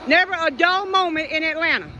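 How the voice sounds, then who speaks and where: Brief: high-voiced woman, blunt, mocking vlog commentary, phone recording by a road. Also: brisk, bright, forceful tone, dull audio. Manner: blunt, teasing, profane. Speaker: vlogger filming a roadside scene. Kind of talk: casual running commentary. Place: outdoors by a road in traffic. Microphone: phone camera. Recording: phone audio with road noise. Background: passing traffic.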